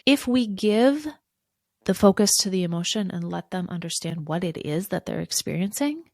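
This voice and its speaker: Gravelly-voiced woman coaching parents. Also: fairly low pitch, no echo, studio quality. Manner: warm, coaching, acts out soothing lines to a child. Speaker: podcast host, parenting coach. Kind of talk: solo podcast teaching.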